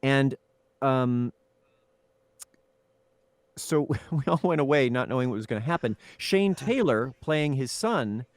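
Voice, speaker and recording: A man, a film actor, telling lively anecdotes in a casual interview, with chuckles and restarts. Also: mid-range voice, slow pace, long pauses, no echo.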